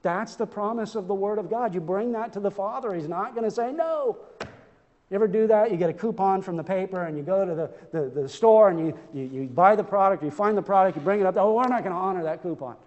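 A high-pitched man preaches an earnest, emphatic sermon, stumbling over repeated words as he presses each point. His voice rings through a church sanctuary with a long trailing reverb. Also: brisk, a little mellow, muffled recording. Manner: earnest, emphatic, with frequent stammered restarts.

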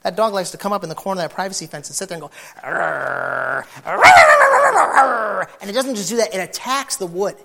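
A man preaching with humorous storytelling, acting out neighbors and dogs in animated bursts. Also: high voice, very fast, hardly any pauses, heavy background noise.

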